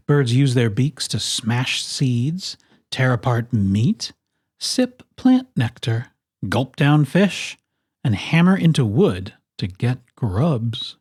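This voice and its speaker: A storyteller reading a children's picture book aloud, with expressive, playful emphasis on its lists. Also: medium pitch, slow, breathy edge, dry recording, clean studio sound.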